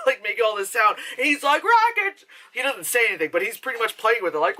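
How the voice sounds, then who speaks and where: Young woman, bright voice, swinging pitch, swearing, rambling movie review chat. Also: brisk. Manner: rambling, profane, full of filler words; laughs while talking, animated retelling. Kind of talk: casual spoken film review.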